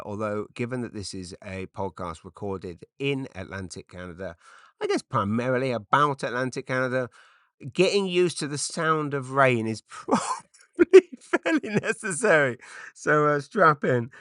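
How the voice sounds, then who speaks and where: A middle-aged English man hosting a podcast, telling rambling comic stories with quick asides and restarts. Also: on the low side, a bit bright, no echo, studio quality. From England. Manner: chatty, self-interrupting, quick asides. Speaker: podcast host. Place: makeshift home studio padded with cushions.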